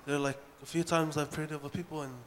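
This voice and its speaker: A man in the congregation asking his pastor a question in a hesitant, halting way. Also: a little high, level tone, slight background noise. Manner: hesitant, halting, soft-spoken. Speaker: church member asking a question.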